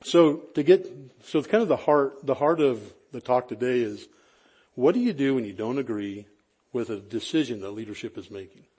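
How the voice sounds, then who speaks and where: A man with a slightly husky voice of middle pitch preaches to his congregation. He talks like he is chatting with friends, circling back and restarting his sentences, and he pokes fun at himself. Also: lively intonation, moderate pace, warm tone. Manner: chatty, self-deprecating, frequent restarts. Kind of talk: conversational sermon storytelling.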